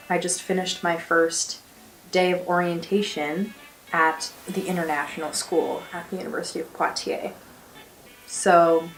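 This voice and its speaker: A young woman from the United States chats to her camera in a casual, upbeat way, laughing easily as she talks. Her voice sits a bit low for a woman. The small attic bedroom sounds echoey, and faint music plays underneath. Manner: chatty and upbeat, with quick laughs. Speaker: exchange student vlogger. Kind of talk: casual vlog chat. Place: small attic bedroom with slanted ceiling and beams.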